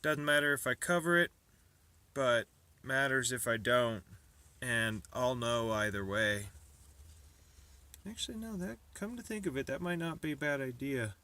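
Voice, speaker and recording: Dry-humored diy guy narrating his repair, bright voice, medium pitch. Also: expressive, a little slow, pauses often. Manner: joking, self-mocking asides while working. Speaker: DIY video maker. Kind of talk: casual DIY vlog narration.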